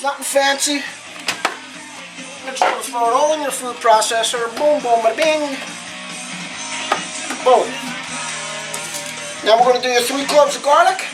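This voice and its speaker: Upbeat high-voiced woman cooking host. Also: measured pace, long pauses, rough recording. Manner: chatty, upbeat, often exclaims "boom" and asks "okay?". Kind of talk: casual cooking demonstration. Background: guitar music.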